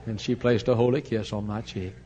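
Low-voiced and fairly quick, an older man delivers a sermon built around a story, performing each side of a dialogue and breaking into laughter at times. The audio is lo-fi with background noise.

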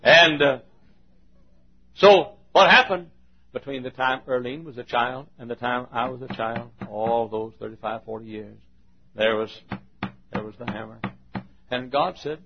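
Older male preacher, husky, dull lo-fi sound; storytelling sermon that swings from hush to loud emphasis. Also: medium pitch, a little slow, pauses often.

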